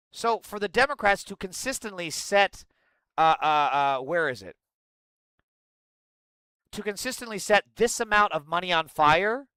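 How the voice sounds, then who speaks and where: A man's voice: high voice, sharp tone, clean tone, no echo. A man giving heated political commentary, blunt, profane and angry.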